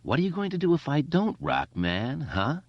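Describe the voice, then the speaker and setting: A man's voice: lowish voice, big pitch swings, unhurried, no room sound. A man voicing a brutal teenage boy bully with a nasal, foghorning voice and a mocking, unhinged way of taunting. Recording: dull lo-fi dry recording.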